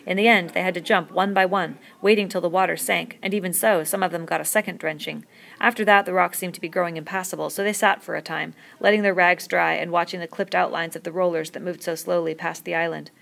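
A woman reading a novel aloud in a steady, measured narration. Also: fairly low pitch, vocal fry. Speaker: audiobook reader.

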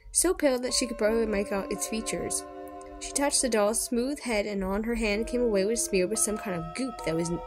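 Woman, storybook reader, expressive, middle pitch, music behind. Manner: expressive, with small slips and rereads. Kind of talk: reading a children's horror book aloud.

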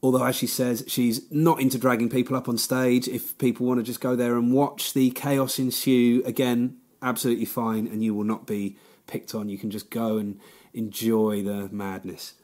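A man's voice: mid-range voice, flat delivery, normal speed, a little mellow. A man, hosting a podcast in a chatty, rambling way, with lots of fillers and frequent laughter. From Britain. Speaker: podcast host. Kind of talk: casual podcast outro chat.

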